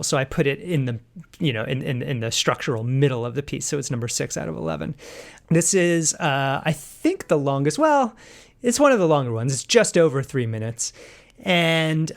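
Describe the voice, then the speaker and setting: A man's voice: a little high, gravelly. A man talking about his own piano music in a casual podcast conversation, rambling with many fillers and restarts. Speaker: composer discussing his piano work.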